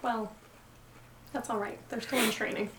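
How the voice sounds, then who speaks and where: A woman playing in a tabletop game, playful and laughing often as she makes quick jokes. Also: a little high, flat delivery, reverberant, recorded from a distance, noisy background. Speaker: player. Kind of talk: casual tabletop game chat.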